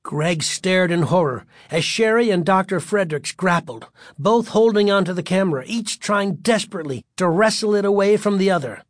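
An audiobook narrator reading a spooky story with suspense and vivid pacing. The voice sits at a middle pitch, and the recording is close and dry, with no room sound. The reader keeps the tension up from line to line. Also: lively intonation, normal speed, dry recording.

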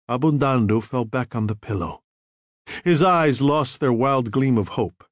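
A man narrating a novel in an expressive storytelling manner. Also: medium pitch, a little slow, dry recording, studio quality. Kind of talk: audiobook narration.

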